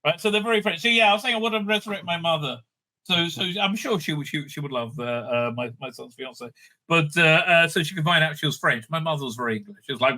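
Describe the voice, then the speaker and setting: A middle-aged man with a high, sharp, piercing voice, talking in rambling, casual commentary. He swears freely, stops and restarts his sentences, and jumps between outrage and jokes in an animated rant. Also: quick pace. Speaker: rabbi and online commentator.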